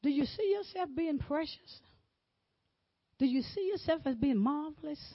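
High, lively preaching woman, slow and dry. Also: dry recording, dull audio. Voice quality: emotive, swinging between loud exclamations and hushed whispers. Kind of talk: sermon.

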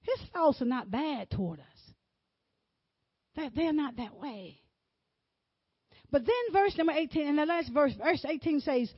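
A woman preaching a sermon, swinging from loud exclamations to hushed whispers. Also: sits high, big pitch swings, unhurried, pauses often, breathy edge, no echo, dull audio.

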